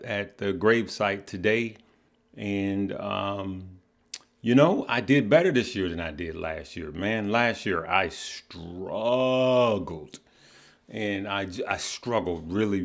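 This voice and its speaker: Middle-aged male streamer, low voice, unhurried, chatty and heartfelt with his viewers. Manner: greets viewers by name, relaxed and heartfelt. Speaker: livestream host. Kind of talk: casual livestream chat.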